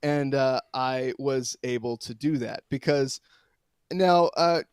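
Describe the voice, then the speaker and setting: A man reporting as a guest on a sports talk show, telling a long story in a rambling, animated way with many restarts. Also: mid-range voice, slow, clear, resonant tone, dry recording, clean studio sound.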